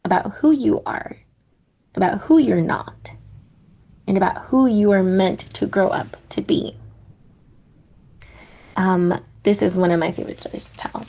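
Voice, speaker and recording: Young female podcast host, reflective guided-meditation delivery, soft laughs, mid-pitched voice with creak. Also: unhurried, long pauses. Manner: gentle, warm, laughs softly at herself.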